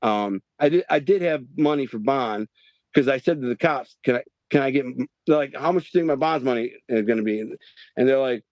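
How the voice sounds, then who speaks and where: A middle-aged man from Detroit tells a long story as a podcast guest, jumping back and forth and restarting his sentences. His voice sits at a medium pitch. The recording is dry and a little dull. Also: a little fast, no echo. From Detroit, Michigan. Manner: animated, rambling storyteller with frequent restarts. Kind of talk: storytelling interview.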